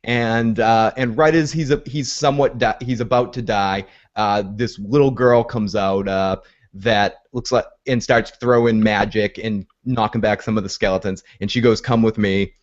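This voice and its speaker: A man's voice: on the low side, steady tone, normal speed, dull audio. Rambling man recapping a TV episode. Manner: rambling retelling with many fillers and restarts. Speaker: podcast co-host. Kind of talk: casual TV recap chat.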